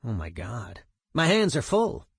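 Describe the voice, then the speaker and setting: A man's voice: mid-range voice, huge pitch swings, a little slow, creaky, husky, dry recording, studio quality, exaggerated voice. A man reading as a cussing punk musician. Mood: animated. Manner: profane, emphatic storytelling. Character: streetwise male punk musician telling war stories.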